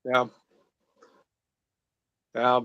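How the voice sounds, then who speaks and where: A man's voice: drawn-out words, pushed and bright, no echo, muffled recording. A man co-hosting a casual movie commentary chat, rambling with lots of fillers. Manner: rambling, lots of likes and uhs. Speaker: podcast co-host.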